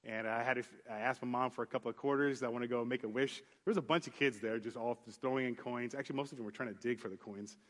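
A man's voice: mid-range voice, fast, hardly any pauses. A man preaching a sermon, telling a personal story in an earnest, conversational way with many restarts. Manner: earnest storytelling, rising into animated retelling with acted voices. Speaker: pastor.

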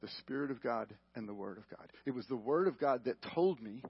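A man preaching a sermon, emphatic, swinging from loud questions to hushed, quiet lines. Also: medium pitch, lively intonation, fairly quick, husky. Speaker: pastor. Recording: dull lo-fi broadcast audio.

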